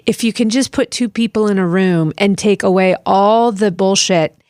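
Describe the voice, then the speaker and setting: A woman's voice: medium pitch, darkish tone, clean tone, no room sound, clean studio sound. Effusive woman hosting an interview. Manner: effusive, quick to laugh. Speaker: podcast host. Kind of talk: casual interview chat.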